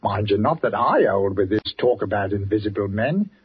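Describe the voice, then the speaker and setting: Brief: a gravel-edged village grocer, older, superstitious, lively sing-song lines, lo-fi old radio sound. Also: male voice, fairly low pitch, normal speed. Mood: deferential. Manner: folksy, deferential, drops his g's. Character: older working-class male village greengrocer, superstitious. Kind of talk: 1940s radio acting.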